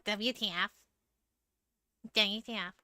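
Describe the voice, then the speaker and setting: A woman voicing a gross, slimy young man in a game, with a deliberately sludgy, drawling, dismissive voice. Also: mid-range voice, fairly even intonation, sharp tone, no room sound, studio quality, pitched below the performer's own voice. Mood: mocking. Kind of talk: game voice-acting on stream.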